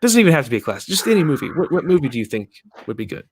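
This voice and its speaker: A man guest on a casual podcast, talking with animated energy and quoting film lines. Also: a little high, very fast, a little hiss or hum. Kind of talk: casual chat.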